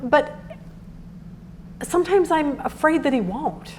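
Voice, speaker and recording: Middle-aged woman, high voice, earnest devotional teacher, faint hiss behind her. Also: slow pace. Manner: earnest, animated, acts out quotes. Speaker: Bible study teacher.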